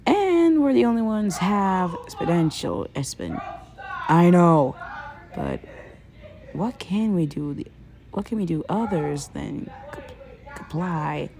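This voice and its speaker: Elderly grandfather scientist voiced by a woman, fan audio drama, hushed, halting, slow delivery. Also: on the low side, expressive, a crowd in the background. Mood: worried.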